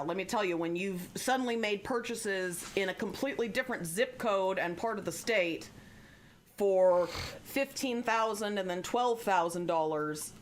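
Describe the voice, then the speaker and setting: Young woman streamer rambling through stories, swears a lot, does the voices, faint room noise. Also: mid-range voice. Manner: animated, swears freely, acts out quoted people. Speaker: live streamer. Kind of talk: casual storytelling chat.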